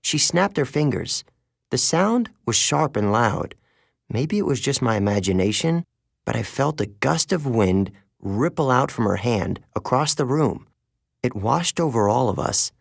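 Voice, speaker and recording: A man reads a first-person audiobook in a wry, conversational way. His delivery is slow and gravelly, with lively rises and falls, recorded dry and close. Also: medium pitch, no room sound. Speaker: audiobook narrator.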